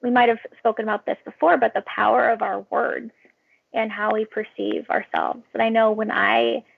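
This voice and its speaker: A woman guest talking casually and reflectively, thinking aloud with frequent pauses and ums. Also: on the high side, level tone, creaky, slightly rough, dry recording. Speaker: guest, fitness trainer. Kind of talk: casual conversational webinar talk. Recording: tinny phone-like line, dry.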